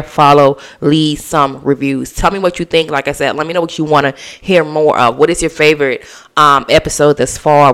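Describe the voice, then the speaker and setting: A podcast host from the Bahamas in a casual solo chat, slangy and animated, talking straight to listeners. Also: medium pitch, smooth.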